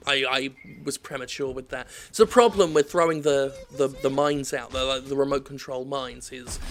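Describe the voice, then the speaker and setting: Self-mocking guy swearing his way through gameplay commentary, bright sharp voice, loses track a lot. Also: mid-range voice, slight background noise. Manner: self-deprecating, sweary, wanders off on tangents. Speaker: gaming video host.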